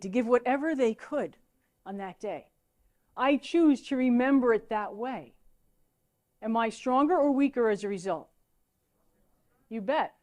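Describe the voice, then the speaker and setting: A middle-aged woman, a teacher giving a lecture full of lively anecdotes and excited asides. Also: fairly high pitch. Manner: animated storytelling, excitable asides.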